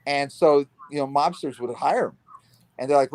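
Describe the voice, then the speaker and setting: A middle-aged man from New Jersey hosting a casual chat, telling stories in a lively way and acting out the voices of the people in them. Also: fairly high pitch, moderate pace. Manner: animated storyteller, acts out quoted voices. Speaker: host.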